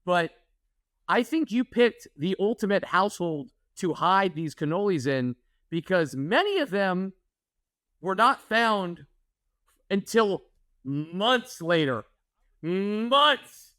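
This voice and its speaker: A man's voice: high-pitched, takes it slowly, no echo, clean studio sound. A man from Oklahoma, a podcast co-host telling stories in casual chat. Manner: storytelling, animated.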